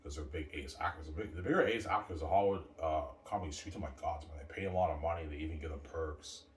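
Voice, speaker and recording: A man's voice: extremely low pitch, racing, slight background noise. A man in a casual, rambling monologue, boastful and repetitive, recorded from a distance in a roomy space. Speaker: vlogger.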